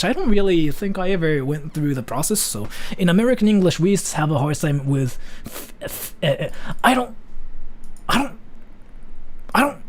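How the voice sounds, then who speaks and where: Lively, slightly husky man from Japan. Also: a little high. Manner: loose and rambling, many fillers, lively ups and downs. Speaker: streamer answering chat. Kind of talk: casual chat. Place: VR chat room.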